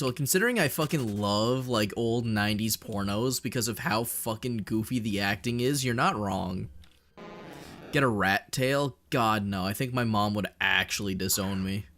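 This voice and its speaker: A young Canadian man streaming, chatting casually with his chat in a fairly monotone voice, swearing and joking as he rambles. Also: lowish voice, normal speed. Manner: rambling, profane, jokey, reads and answers chat.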